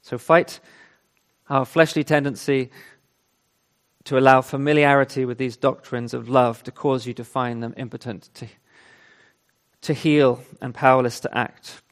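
A man's voice: mid-range voice, steady tone, a little slow, pauses often. A man preaching a sermon, reading scripture with emphasis and then explaining it in an earnest, conversational way. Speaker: pastor.

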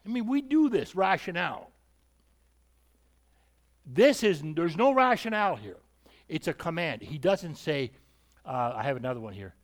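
A man's voice: a little high, sing-song, moderate pace, pauses often. A male preacher giving an emphatic sermon, repeating points and asking rhetorical questions.

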